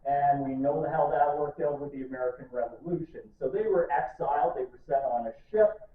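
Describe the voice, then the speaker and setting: A man's voice: on the high side, brisk. A man giving a playful, joking history talk to a live audience in a library room. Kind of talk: lively public lecture. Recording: distant, echoey, tinny room recording.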